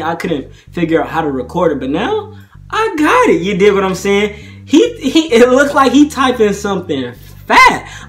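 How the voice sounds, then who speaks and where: A young man with a somewhat high-pitched voice talks casually to the camera, rambling in loose slang and constantly checking in with his viewers. Faint guitar music plays underneath. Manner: chatty, slangy, keeps asking "you feel me". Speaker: prank vlogger.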